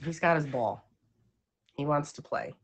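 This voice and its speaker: A woman's voice: deep voice, unhurried, slightly rough. A woman chatting casually to her dog, playful and laughing, slipping into baby talk and casual swearing. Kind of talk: casual chat.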